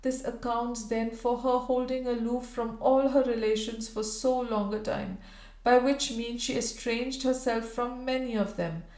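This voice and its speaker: A woman's voice: a little high, steady tone, measured pace, darkish tone, voice pushed up, lightly acted. Brief: woman voicing a tender Victorian lady, raised and emotional, echoey room. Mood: anxious. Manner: eager, then tearful and pleading. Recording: roomy echo.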